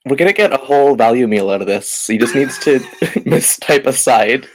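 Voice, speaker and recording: A man's voice: medium pitch, normal speed, rough recording. Young man with dry quips. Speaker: podcast co-host. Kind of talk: casual chat.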